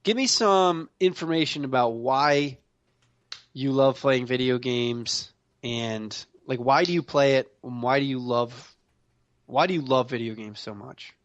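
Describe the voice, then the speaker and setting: A man hosting a casual gaming podcast, reading news in a relaxed way with many fillers. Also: medium pitch, a little slow, no room sound, highs cut off. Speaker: podcast host.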